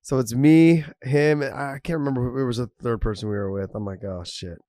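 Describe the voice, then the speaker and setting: A man's voice: medium pitch, fairly even intonation, brisk, warm tone, no room sound, studio quality. Laughing man recounting a story. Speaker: podcast co-host. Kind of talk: casual podcast banter.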